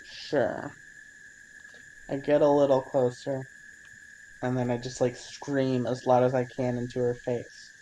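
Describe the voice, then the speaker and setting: A man's voice: mid-range voice, flat delivery, a little slow, pauses often, warm tone, slight background noise, low-quality recording. Brief: fed-up male player, mid voice, faint crickets behind. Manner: exasperated, joking complaints. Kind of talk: tabletop game play.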